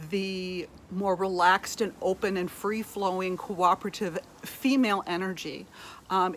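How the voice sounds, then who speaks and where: Earnest woman giving a spiritual energy update. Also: mid-range voice. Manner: earnest, reflective, with fillers and soft laughs. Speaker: intuitive energy healer and spiritual life coach.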